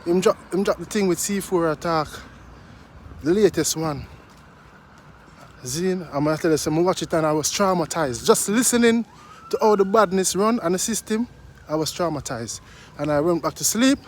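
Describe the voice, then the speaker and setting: A man's voice: high voice, expressive, moderate pace, slight background noise. A man with a Jamaican accent talking casually to his viewers in a vlog, earnest and repetitive, mixing in patois. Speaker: vlogger.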